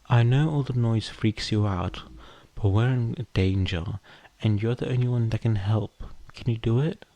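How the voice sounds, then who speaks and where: Audiobook lead, young male scientist, urgent and in charge, read by a man, low voice, dead-dry booth. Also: moderate pace, a little mellow, no echo. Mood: gentle. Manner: urgent, commanding.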